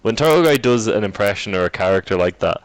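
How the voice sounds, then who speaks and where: A man with a fairly low voice chats casually on a podcast. He is excitable and laughs easily, and he drops swear words freely. The sound is dry and close to the mic. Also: fast, no echo. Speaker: co-host.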